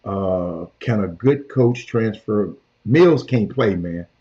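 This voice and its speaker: A man's voice: on the low side, expressive, takes it slowly, dark tone. Emphatic man riffing on sports, lo-fi. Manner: emphatic, repeats himself, addresses cohost and viewers directly. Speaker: sports talk show host. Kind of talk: animated casual sports talk. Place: hotel room. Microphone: portable camera. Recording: dull lo-fi sound.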